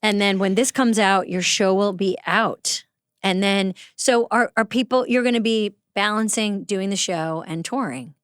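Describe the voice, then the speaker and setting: A woman in her fifties hosting a casual interview, quick, playful and reassuring. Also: mid-range voice, clean tone, no echo, clean studio sound. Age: 50s. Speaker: host.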